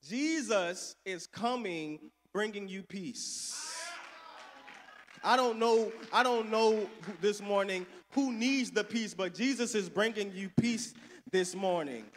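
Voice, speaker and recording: A man preaching a sermon, calling for responses and swinging between loud and soft. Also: sits high, lively intonation, slow pace, a little hiss or hum. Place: church sanctuary. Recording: echoey church hall.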